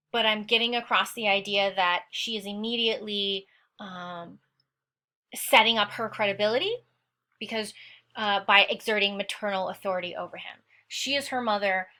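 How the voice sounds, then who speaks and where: Her voice sits in the mid range, pushed and bright, as this woman teacher guides listeners through her own essay. She unpacks the quotes and analysis instructively, asks "okay?" again and again, and is stern about lazy writing.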